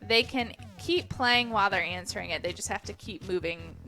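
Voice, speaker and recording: Bright giggly woman co-hosting a stream. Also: mid-range voice, normal speed, soft background music. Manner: giggly, reads chat aloud. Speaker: stream co-host. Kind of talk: casual livestream chat.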